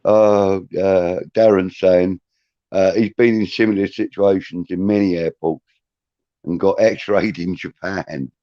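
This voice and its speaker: A man's voice: deep voice, fairly even intonation, slow, no room sound, muffled recording. A man hosting a live stream, upbeat as he reads viewer comments aloud. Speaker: co-host.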